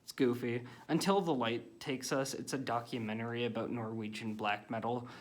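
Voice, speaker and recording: A man talking casually through a list of films he watched, with a voice that is neither high nor low. He gives blunt, offhand verdicts and rambles, filling pauses with ums and likes. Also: steady tone. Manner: rambling, blunt, filler-heavy opinions. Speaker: film reviewer. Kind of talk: casual movie-list vlog.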